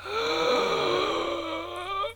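A man's voice: very high voice, extremely slow, bright, forceful tone, a little hiss or hum. A man hosting a podcast, reading comic news stories aloud in a mock-announcer way, giggling and tripping over words. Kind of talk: comedic news-reading chat.

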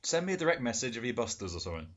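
A jokey man co-hosts a podcast, his pitch leaping wildly from low to high. He teases the others. The sound is dull and lo-fi. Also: sing-song, racing. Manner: jokey and teasing. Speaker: podcast co-host. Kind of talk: casual podcast banter. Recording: dull lo-fi audio.

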